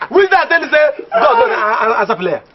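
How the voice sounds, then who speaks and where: An actor playing a teasing, cautious village friend who speaks Nigerian Pidgin English. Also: male voice, very high-pitched, wildly swooping pitch, fast, a crowd in the background, heavily acted. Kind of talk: comedy film acting. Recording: muffled film audio.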